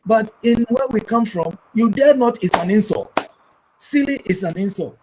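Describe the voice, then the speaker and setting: Over a noisy background, a middle-aged Ghanaian pastor speaks earnestly on a family talk show in a voice that sits high, at a moderate pace. His manner is preacherly, and he jumps into livelier voices when quoting others.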